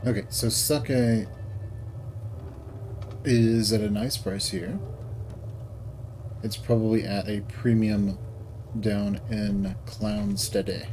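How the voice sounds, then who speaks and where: A man's voice: lowish voice, fairly even intonation, slow pace, pauses often, darkish tone, slight background noise, low-quality recording. A man streaming a video game, thinking aloud in casual commentary with rambling restarts.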